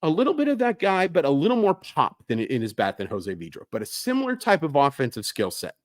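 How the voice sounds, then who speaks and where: A man talks through a sports draft on his own, casual and animated, and corrects himself mid-thought. His pitch rises and falls widely. The recording is dry and close, with no room sound. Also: fast talker, no echo. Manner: animated, self-correcting, conversational. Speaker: baseball analyst. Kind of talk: solo sports analysis.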